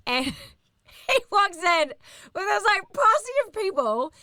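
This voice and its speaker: A woman in her thirties with a New Zealand accent, a radio host telling animated, sweary backstage stories in casual chat. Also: extremely high pitch, slow, dry recording, studio quality. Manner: animated, swears, acts out others in quoted voices. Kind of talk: casual storytelling.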